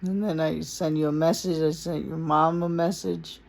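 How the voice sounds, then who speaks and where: A man's voice: a little high, flat delivery, moderate pace, gravelly, darkish tone. A man recording a casual personal message to his partner, speaking earnestly and in a rambling way, with Spanish words mixed into his English. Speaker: vlogger addressing his partner.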